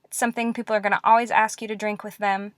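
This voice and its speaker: A woman teaching Russian letters in a classroom-style lesson, patient and encouraging, repeating words slowly. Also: medium pitch, level tone, dry recording, studio quality.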